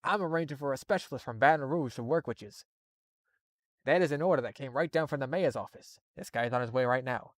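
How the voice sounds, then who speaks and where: A man's voice: medium pitch, fairly quick, no echo, studio quality, lightly acted. A man reading the lines of an angry, bossy middle-aged police captain who barks orders.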